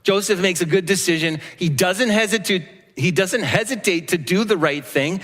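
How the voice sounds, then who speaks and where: A man in his thirties preaching a sermon, telling a personal story and acting out the dialogue with lively energy. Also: high voice, normal speed. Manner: animated storyteller, acts out dialogue. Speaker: pastor. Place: church sanctuary. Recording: long church reverb.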